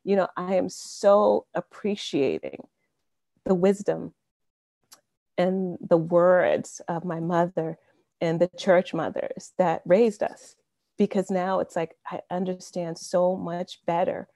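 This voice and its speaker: A woman's voice: on the low side, fairly even intonation, takes it slowly, creaky, dark tone, no echo. A woman in her fifties giving an earnest, conversational faith testimony over a video call, often saying "you know". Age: 50s. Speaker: speaker sharing a testimony.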